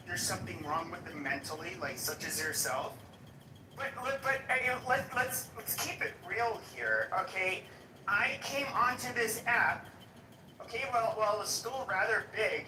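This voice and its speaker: A man airing a grievance in a live chat room, stumbling over restarts while staying dismissive. His voice is distant and roomy, with steady noise behind it. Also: sits high, moderate pace. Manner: hesitant, full of fillers and restarts, contemptuous. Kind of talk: casual heated rant. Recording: echoey, distant, noisy audio-room stream.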